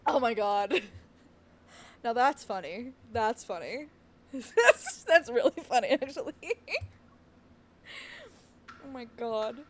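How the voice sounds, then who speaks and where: A young woman giving casual, laughing reaction commentary on a game, animated and self-mocking. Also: a little high, takes it slowly, pauses often, a little hiss or hum. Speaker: game streamer.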